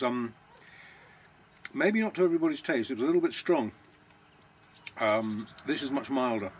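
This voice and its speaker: A man talks casually to camera, chatty and a little self-deprecating, savouring each word as he goes. His pitch sits in an ordinary middle range, and a faint hiss of background noise runs under the recording. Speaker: villa rental owner. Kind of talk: casual vlog.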